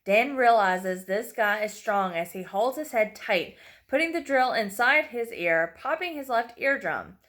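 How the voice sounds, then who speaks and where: A woman's voice: fairly high pitch, animated, unhurried, a bit bright. A woman reading a horror story aloud, narrating with occasional slips she apologizes for.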